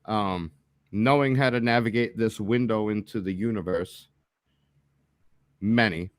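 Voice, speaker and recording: A man's voice: fairly low pitch, measured pace, no echo, clean studio sound. A man from the United States co-hosting a live stream, chatting bluntly and profanely and often talking over the others. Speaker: co-host. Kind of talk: casual chat on a live stream.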